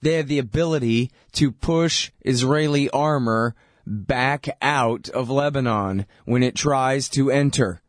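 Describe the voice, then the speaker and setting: A man's voice: medium pitch, measured pace, no echo, clean studio sound. A man hosting a political talk show, delivering a sarcastic, heated commentary monologue.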